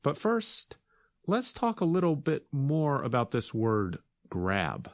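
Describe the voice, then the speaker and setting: A man co-hosting an English lesson, explaining words in a calm, slow and clear way. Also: medium pitch, no room sound, clean studio sound.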